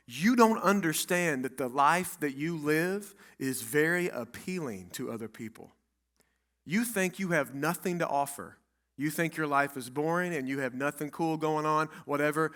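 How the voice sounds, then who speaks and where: A man's voice: on the high side, a bit bright. A man pastor delivering a dramatic, emphatic sermon in a church, building up through repeated phrases. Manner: dramatic, emphatic preaching with repetition. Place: church sanctuary.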